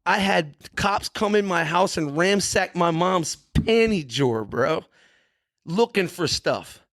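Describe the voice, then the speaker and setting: Middle-aged man, podcast guest, earnest emphatic storyteller, slightly high voice, dry close recording. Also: expressive, slow, fairly bright tone, dry recording. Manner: earnest, emphatic, with frequent "you know" and "right". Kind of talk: candid storytelling.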